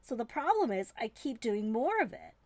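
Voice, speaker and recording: A woman's voice: on the high side, very animated, normal speed, darkish tone, no room sound. A woman from Canada hosting a live stream, chatting in a rambling, playful, self-mocking way from a desk indoors. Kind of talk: casual live-stream chat.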